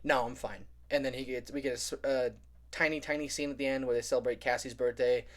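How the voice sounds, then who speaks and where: A man's voice: medium pitch, fast. A young man casually recapping a film plot in a spoiler review, rambling and full of filler words. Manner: rambling, heavy use of "like", animated retelling.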